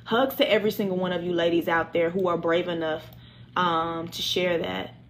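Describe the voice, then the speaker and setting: A woman's voice: lowish voice, steady tone, moderate pace, slight background noise. A woman leading a livestreamed Bible study, preaching with passion, repeating phrases and praying aloud over her listeners. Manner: impassioned, repetitive preaching with prayer.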